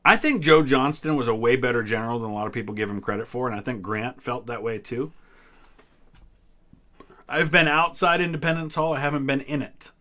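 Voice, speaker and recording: Male host, 30s, from the US Midwest, bright tone, relaxed trivia-stream chatter. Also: medium pitch, fairly quick. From Ohio, US Midwest. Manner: relaxed, answers chat questions with small hesitations. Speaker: history channel host. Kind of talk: casual live-stream trivia chat.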